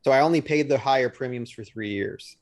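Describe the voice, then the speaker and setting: A man's voice: mid-range voice, a little fast. A man co-hosting a podcast, chiming in with dry, teasing comments in casual chat. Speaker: podcast co-host.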